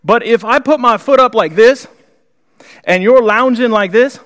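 A man preaching a conversational sermon in a church, animated and acting out the people in the story. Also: very high voice, measured pace. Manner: animated, conversational, acts out the characters. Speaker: pastor. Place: church sanctuary.

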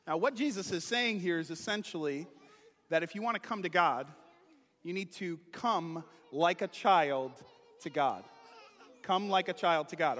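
A male pastor with a high, bright voice gives a playful children's sermon in a church sanctuary. His words ring out with a long hall reverb behind them. He talks straight to the kids in an animated way.

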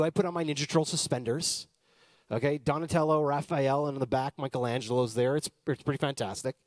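A man in his thirties from Canada, a pastor telling a personal story in a chatty, animated sermon style. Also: high voice, dry recording, clean studio sound.

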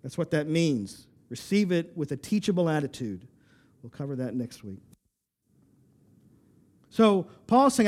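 A man's voice: high voice, big pitch swings, a little slow, a little mellow. A man pastor preaching a sermon, emphatic and full of rhetorical questions, often repeating words as he restarts a phrase.

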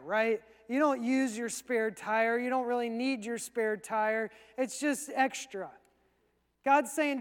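High-voiced male pastor preaching. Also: long reverb tail. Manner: conversational preaching, acts out quick asides. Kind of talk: sermon.

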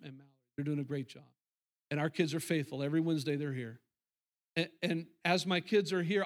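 High-voiced pastor preaching conversationally. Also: male voice. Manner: conversational, repeats phrases for emphasis. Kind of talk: sermon. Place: church sanctuary.

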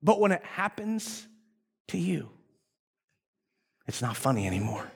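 A male pastor preaching a sermon, retelling a story in a lively, conversational way. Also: a little high, measured pace, creaky, slightly rough.

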